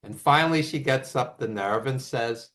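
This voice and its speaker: A man telling road stories as the guest of an interview, animated and quick to act out quotes. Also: mid-range voice. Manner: animated anecdotes with acted quotes and laughs. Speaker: author and wrestling writer, guest. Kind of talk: casual storytelling interview.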